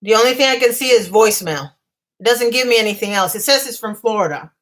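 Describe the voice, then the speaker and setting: A woman vlogger on a live stream at home, telling a story in a fast, agitated rush and stumbling over her words. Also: on the high side, expressive, poor audio. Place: home apartment.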